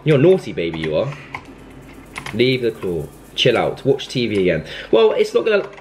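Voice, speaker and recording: A man's voice: medium pitch, huge pitch swings, normal speed, slight background noise. A young man commenting on a horror game as he plays, scolding and panicking in turn. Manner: jumpy, panicky outbursts, scolding the game baby. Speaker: gaming YouTuber.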